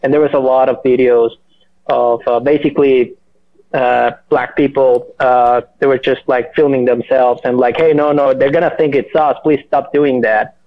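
Gravelly man. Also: medium pitch, fairly even intonation. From Mexico. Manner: halting, many fillers and restarts. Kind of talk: casual chat. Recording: muffled lo-fi audio.

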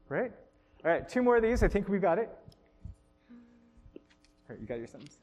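A man's voice: high-pitched, very animated, moderate pace, long pauses, a little mellow. A man teaching a group in a workshop, upbeat and coaching, laughing often as he talks to the participants. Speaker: workshop instructor. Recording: long hall reverb.

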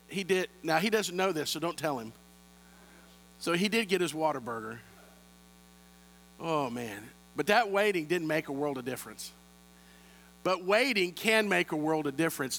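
A man's voice: on the high side, a bit bright, in a large hall. A man, preaching a sermon with humorous stories and playful asides to the congregation, on a handheld microphone. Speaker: pastor.

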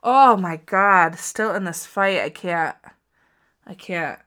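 A woman's voice: lowish voice, slow pace. A woman, commenting on a wrestling match for her viewers, chatty and prone to gasps and outbursts. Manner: excitable, gasps and cries out at the action; chatty, talks straight to viewers. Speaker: wrestling watch-along streamer. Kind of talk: casual live reaction commentary.

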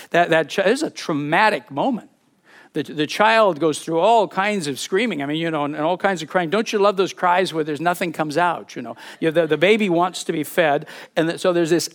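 A pastor delivers a sermon with emphatic, expressive preaching. He reads scripture aloud with feeling. His voice sits high for a man. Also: moderate pace.

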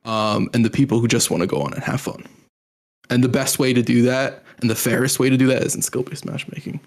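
A man co-hosting a casual gaming podcast, explaining his views in a measured, hedging way. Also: mid-range voice. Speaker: podcast co-host.

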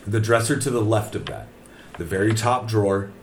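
A man's voice: fairly low pitch, moderate pace, a little hiss or hum. A man hosting a podcast in casual chat, laid-back and swearing freely, recorded in an old manor house. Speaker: podcast host.

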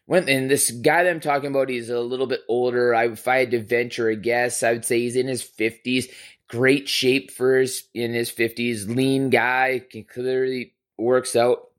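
Telling a story on his podcast in easygoing chat, a man gets animated and profane, alternating loud bursts with soft asides. His voice is mid-range, delivered at a moderate pace.

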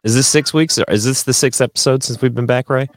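A man's voice: mid-range voice, quick pace. A man co-hosting a podcast in casual chat, joking and ribbing with rambling asides. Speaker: podcast co-host.

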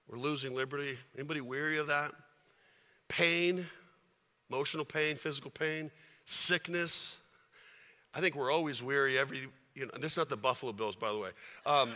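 A man preaching a sermon to his congregation, chatty and full of rhetorical questions, building to forceful passages. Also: medium pitch. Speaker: pastor. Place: church sanctuary. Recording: reverberant hall.

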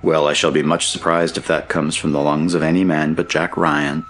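A man's voice: extremely low pitch, little pitch movement, normal speed, fairly bright tone, a little hiss or hum. A man reading an audiobook, voicing an earnest, loyal young male miner in a plain, direct way. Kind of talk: audiobook character voice.

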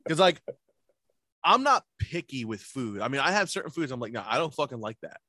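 A man co-hosting a podcast in loose, profane chat, spinning stories and leaping into a higher voice whenever he quotes someone. His voice is recorded close and dry, with no room sound around it. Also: very animated, brisk, pushed and bright, no room sound. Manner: profane storytelling, acts out quoted people in a raised voice. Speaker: podcast co-host. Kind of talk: casual chat.

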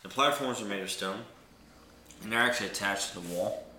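Brief: man as game master, easygoing descriptive narration, low bright voice, roomy sound. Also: brisk, a little hiss or hum. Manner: relaxed, descriptive narration with frequent laughs.

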